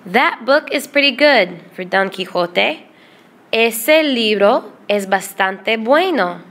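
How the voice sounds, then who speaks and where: A woman's voice: fairly high pitch, expressive, a bit bright. Patient woman teaching Spanish grammar. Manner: patient, explains slowly, repeats word lists. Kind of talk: classroom grammar lesson.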